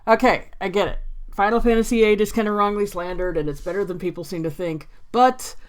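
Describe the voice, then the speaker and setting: A woman's voice: medium pitch, fairly quick. A woman giving an opinionated commentary vlog, exasperated and sarcastic, with frequent sighs and laughs. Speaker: video creator.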